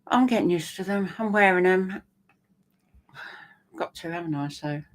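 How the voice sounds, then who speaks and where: Older mum with a deep voice. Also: female voice, moderate pace. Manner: homely, storytelling. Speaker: co-host, the host's mother. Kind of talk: casual chat.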